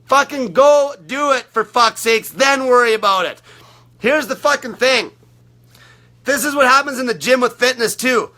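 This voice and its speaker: Brief: fired-up young male fasting coach, high forceful voice, profane and blunt. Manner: aggressive, heavy swearing, blunt. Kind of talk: profane ranting monologue.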